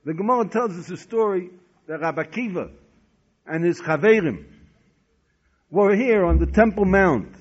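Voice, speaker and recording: A man's voice: high-pitched, expressive, normal speed, pauses often, slightly rough. A man teaching a Talmud lesson as a sermon, telling stories dramatically and asking rhetorical questions. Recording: dull lo-fi recording.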